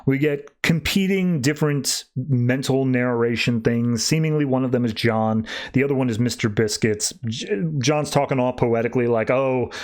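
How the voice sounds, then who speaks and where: A man hosting a podcast, chatting casually about comics at a middling pitch. He retells the plot with animation, and his voice jumps up whenever he acts out the characters' lines. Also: moderate pace, hardly any pauses, darkish tone. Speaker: podcast host. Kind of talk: casual comic book review chat.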